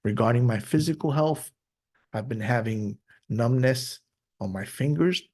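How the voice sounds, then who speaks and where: A man hosting a podcast, speaking openly and reflectively in a personal monologue, sometimes halting and restarting his sentences. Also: on the low side, a little mellow, breathy edge. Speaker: podcast host.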